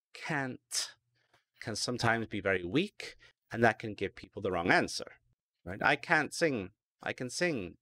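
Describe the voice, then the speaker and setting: A British man teaching an online English lesson, speaking slowly and enunciating carefully, repeating words so learners can drill them. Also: lowish voice, fairly bright tone, dry recording. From Britain. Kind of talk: online ESL lecture.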